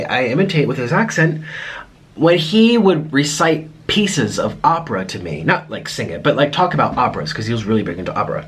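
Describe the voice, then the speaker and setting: A man's voice: fairly high pitch, a bit bright, slightly rough. A man chatting casually to camera as a mukbang vlogger while he eats. He rambles and admits he is talking in circles.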